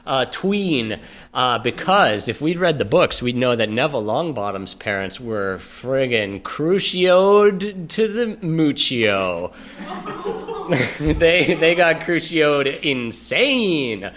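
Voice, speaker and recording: Playful, bright-voiced male comedy host. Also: on the high side. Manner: playful, theatrical, often laughing. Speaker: podcast host. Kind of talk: improvised comedic narration. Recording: podcast recorded live.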